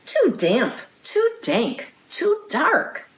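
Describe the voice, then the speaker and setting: A tiny squeaky storybook mouse. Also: female voice, wildly swooping pitch, drawn-out words, echoey room, exaggerated voice. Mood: fussy.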